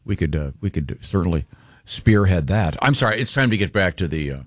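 A man's voice: low-pitched, lively intonation, a little fast, dry recording, studio quality. A man co-hosting a talk show, playful and chatty, often restarting his sentences. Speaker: co-host. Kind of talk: casual banter.

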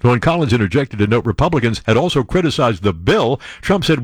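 Animated, wisecracking male news commentator. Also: mid-range voice, fairly quick, slightly rough, no echo, clean studio sound. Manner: wisecracking, sarcastic asides, animated outbursts. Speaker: show host. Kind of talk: reading news with running commentary.

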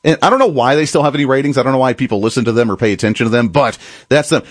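A man's voice: mid-range voice, racing, no room sound. Sarcastic male political commentator, dry sound. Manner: emphatic, sarcastic, mocking mimicry of opponents. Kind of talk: opinionated commentary monologue.

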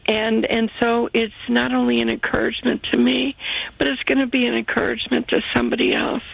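A woman calling in to a radio show, speaking earnestly and gratefully in a halting way. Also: fairly high pitch, level tone, gravelly, husky, no room sound. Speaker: caller. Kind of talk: emotional call-in testimony. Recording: tinny phone line.

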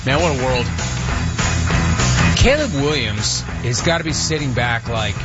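A man's voice: mid-range voice, lively intonation, measured pace, pauses often. A man hosting a sports talk radio show, delivering a punchy, emphatic monologue and repeating lines for effect. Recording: muffled broadcast audio with faint music.

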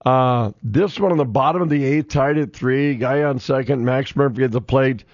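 A man's voice: mid-range voice, normal speed, no echo. A man hosting a sports radio show, telling stories animatedly and laughing often. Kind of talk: casual sports radio chat. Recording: dull, dry studio sound.

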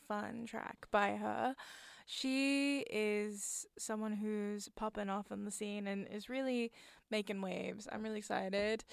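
A woman's voice: mid-range voice, creaky, smooth, dry recording, studio quality. A young woman hosting a radio show, rambling chattily between tracks and often trailing off and restarting. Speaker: radio host. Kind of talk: casual radio presenting. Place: radio studio.

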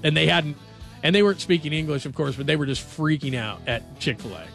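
A man hosting a sports radio show, chatting casually and reading headlines in a jokey, animated way. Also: a little high, fast talker, creaky, faint music behind.

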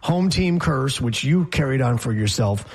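A man co-hosting a casual talk show, telling jokey stories with a husky voice. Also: mid-range voice, animated, moderate pace. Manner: joking, storytelling. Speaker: co-host. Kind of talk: casual banter.

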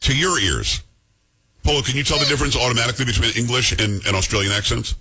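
Lively radio host guy, husky bright voice, jokey and rambling. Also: medium pitch, quick pace. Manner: animated, joking, rambling. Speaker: radio talk show host. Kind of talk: casual radio talk.

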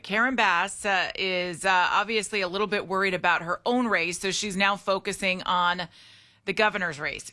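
A woman's voice: medium pitch, pushed and bright. A woman hosting a talk radio show, chatty and opinionated, reading out poll figures and the call-in number.

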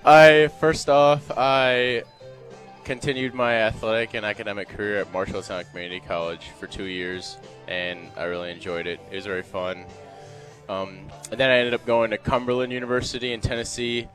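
A man in his twenties, a volunteer assistant coach, answering interview questions in a halting, rambling way. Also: fairly low pitch, steady tone, fairly bright tone, soft background music. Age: 20s. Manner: halting, full of fillers and restarts. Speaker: guest, former player and volunteer assistant coach. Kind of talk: radio interview.

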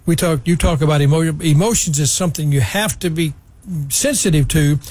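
A man's voice: a little high, fairly quick, darkish tone, no echo. A man hosting a radio talk show, chatting with guests and reading out credits. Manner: friendly, reads phone numbers and credits.

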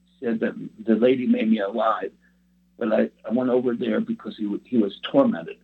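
A man's voice: lowish voice, fairly even intonation, brisk, vocal fry, husky. A man preaching a personal testimony in an earnest, rambling storytelling way. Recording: tinny phone-like sound.

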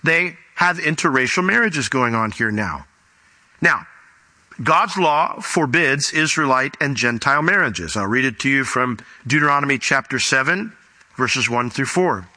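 Bright-voiced male pastor preaching. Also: medium pitch, expressive, measured pace. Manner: expository preaching with scripture reading and asides. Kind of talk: sermon.

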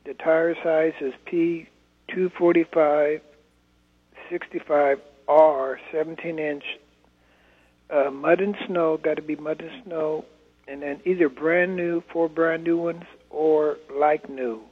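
A man calling in to a radio swap show, listing items in a halting way with many fillers. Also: fairly high pitch, fairly even intonation, slightly rough. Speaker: caller. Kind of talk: phone-in chat. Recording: tinny phone line.

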